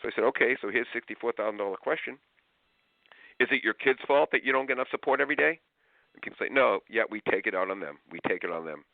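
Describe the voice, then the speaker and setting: A man talking as an interview guest about parenting, telling stories in an animated way and acting out parents and kids in raised voices. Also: lowish voice, quick pace, creaky, dry recording. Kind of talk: lively interview storytelling. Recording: tinny phone-like line.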